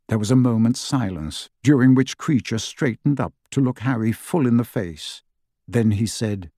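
A man's voice: medium pitch, no echo. Male audiobook narrator, dry close voice. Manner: measured, even storytelling. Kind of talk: scripted narration.

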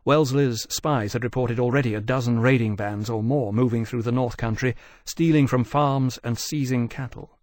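Brief: male narrator, mid-pitched, steady measured read, very dry booth sound. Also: no room sound. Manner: measured, even storytelling. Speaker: audiobook narrator. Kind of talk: scripted narration.

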